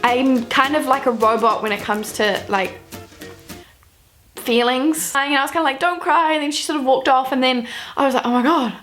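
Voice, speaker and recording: A woman's voice: high voice, fairly even intonation, moderate pace, fairly bright tone, soft background music. A young woman from New Zealand telling personal stories to camera in a chatty, self-mocking way. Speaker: vlogger. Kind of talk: casual storytelling to camera.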